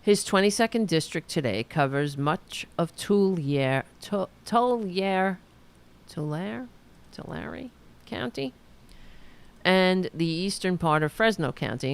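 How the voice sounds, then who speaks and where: Woman host reading the news out loud, slow and unhurried, voice swings up and down a lot, snarky side comments. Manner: sarcastic asides while reading, lively pitch. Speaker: political podcast host.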